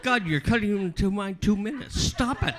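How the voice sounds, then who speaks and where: A man's voice: sits high, moderate pace. An older man performing his first bawdy stand-up set at an open mic, with self-deprecating banter. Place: comedy club stage before a live audience.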